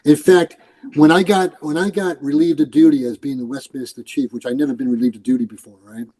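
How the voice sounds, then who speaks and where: Speaking fairly quickly with a fairly high pitch, the retired New York police commander shares stories in an informal interview. He acts out quoted voices with lively energy, and the recording is low quality.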